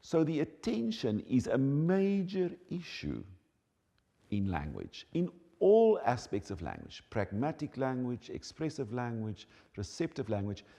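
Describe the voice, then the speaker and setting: A man's voice: medium pitch, unhurried, vocal fry. A man explaining child development in an emphatic, teaching manner. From South Africa. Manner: animated, emphatic teaching delivery. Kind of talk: explanatory talk. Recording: long hall reverb.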